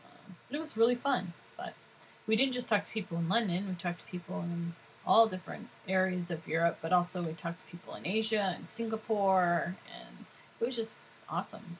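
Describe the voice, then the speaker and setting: A woman's voice: lowish voice, brisk, a little hiss or hum, poor audio. A middle-aged woman chatting casually to her viewers, rambling from story to story and laughing often. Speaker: vlogger.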